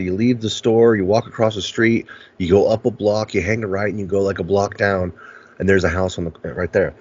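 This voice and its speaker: A man hosting a podcast, telling a long story in a rambling, casual way and swearing a lot. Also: deep voice. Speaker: podcast host. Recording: lo-fi podcast recording.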